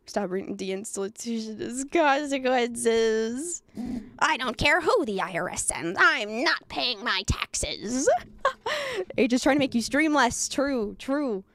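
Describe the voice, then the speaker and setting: A woman streamer reacting live, animated and sarcastic, laughing often and stammering through restarts. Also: on the high side, slow pace, no echo. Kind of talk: livestream reaction commentary.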